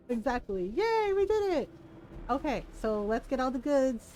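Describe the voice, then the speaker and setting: A woman's voice: a little high, sing-song, moderate pace, warm tone, low-quality recording. A woman chatting casually while streaming a game, laughing often and acting out bits. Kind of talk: casual gaming stream chat.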